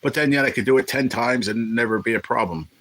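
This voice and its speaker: Bright-voiced joking man chatting. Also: medium pitch, quick pace, low-quality recording. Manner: joking, rambling, swears freely. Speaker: livestream host. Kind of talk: casual chat with viewers.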